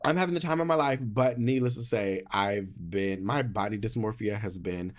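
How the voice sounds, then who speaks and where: Sassy animated young man, casual monologue. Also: lowish voice, moderate pace. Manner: sassy, animated, frequent slang and swearing. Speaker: podcast host.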